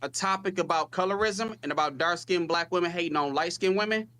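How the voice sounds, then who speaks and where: A man's voice: sits high, fairly quick, bright, forceful tone. A man calling in to a live stream, repeatedly and insistently asking the host for a show topic. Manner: pleading, insistent. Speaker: caller. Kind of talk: casual call-in chat.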